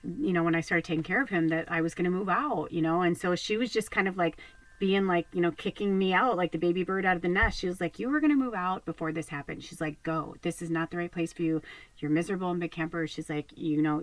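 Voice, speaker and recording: A woman spiritual medium talks straight to her viewers in a loose, rambling way, swearing and laughing as she goes. Her voice sits a little low for a woman. The sound is dry and close, with no room echo. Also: fast. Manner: rambling, candid, profane, laughs often. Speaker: spiritual medium, channel host. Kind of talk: casual talk to viewers.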